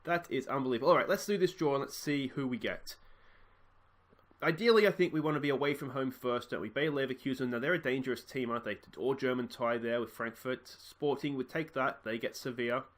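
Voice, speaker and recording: A man with a medium-pitched voice keeps a brisk pace while hosting a let's play. Chatty and musing, he reacts to his football management game with bursts of excitement in casual commentary.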